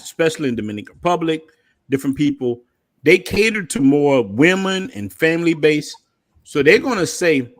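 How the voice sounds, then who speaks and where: A man hosting a live stream, talking in loose, joking street slang. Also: medium pitch. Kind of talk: casual live stream chat.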